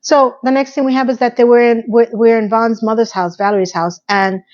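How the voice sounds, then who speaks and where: A woman's voice: a little high, steady tone, a little fast, a little mellow, muffled recording, slight background noise. A woman chatting casually to her viewers as she recaps a TV episode, sassy and direct.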